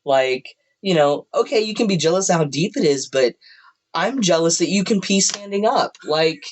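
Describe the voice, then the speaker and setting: A man's voice: lively intonation, normal speed, slight background noise, poor audio. A man co-hosting a podcast from a room at home, rambling and joking with frequent laughs in casual chat. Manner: rambling, jokey, laughs often, drops into a deep voice for stories. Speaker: podcast co-host.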